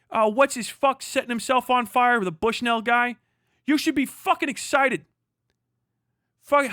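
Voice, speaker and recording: A young man with a high, bright, sharp voice rants on a live stream. He swears constantly and sounds heated and mocking. The sound is close and dry. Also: no room sound. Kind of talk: profane ranting commentary on a live stream.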